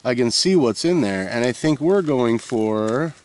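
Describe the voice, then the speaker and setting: A man's voice: medium pitch, lively intonation, measured pace, a little mellow. A man rambling casually at a winter forest camp, meandering with lots of uhs and restarts. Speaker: vlogger.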